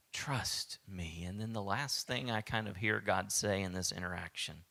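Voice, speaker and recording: Southern guy preaching, bright forceful voice, animated, acts out the voices, drops to a whisper sometimes. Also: on the low side, normal speed, vocal fry, hardly any pauses. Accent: Southern American. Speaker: pastor. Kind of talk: sermon.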